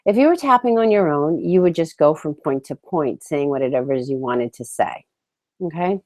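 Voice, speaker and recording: Low-pitched lady walking you through tapping, slow calm phrases to repeat. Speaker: tapping instructor. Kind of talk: guided tapping lesson.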